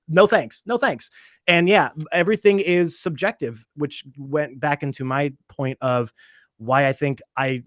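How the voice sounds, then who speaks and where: A man's voice: mid-range voice, no room sound, clean studio sound. A man co-hosting a podcast, talking in a playful but earnest way. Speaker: realtor co-host. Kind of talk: casual panel talk.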